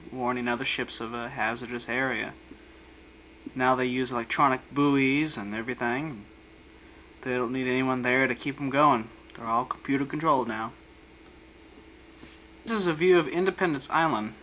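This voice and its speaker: A man with a bright, forward voice walks through his family's vacation photos, dropping dry little jokes between captions. A faint hiss sits under the recording. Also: mid-range voice, poor audio. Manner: dry, joking asides. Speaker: home video narrator.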